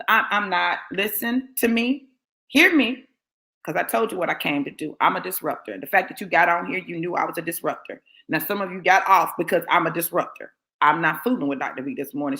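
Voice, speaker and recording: A woman's voice: on the low side, vocal fry, pushed and bright. A woman delivers a fiery sermon. She is blunt and confrontational, driving each point home through emphatic repetition. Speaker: motivational preacher.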